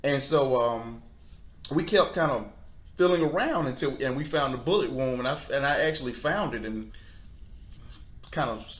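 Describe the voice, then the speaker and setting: A man telling a personal faith testimony in conversation, earnest and halting, with frequent restarts. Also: medium pitch, fairly bright tone. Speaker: guest.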